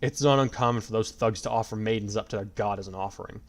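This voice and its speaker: A man's voice: on the low side, quick pace, natural voice. A man voicing a cocky, scornful young winged warrior who talks impatiently. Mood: stern. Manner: sneering, impatient.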